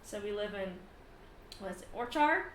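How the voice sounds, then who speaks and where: A woman narrating as game master of a tabletop game, chatty and quick to laugh. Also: mid-range voice, expressive, distant mic, a little hiss or hum. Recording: echoey room.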